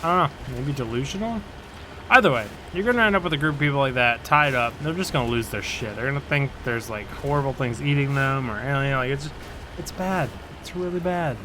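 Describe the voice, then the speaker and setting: A man's voice: medium pitch, brisk. Male gamer host, tired, talks over his gameplay in loose, wandering asides; noisy home mic. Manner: rambling, swears, jokes at the game. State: tired, yawning. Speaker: let's play host. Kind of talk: casual gaming commentary.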